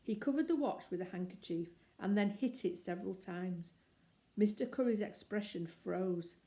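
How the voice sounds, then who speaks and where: A woman reading a children's storybook aloud with lively character voices. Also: medium pitch, moderate pace, rough recording. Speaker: narrator.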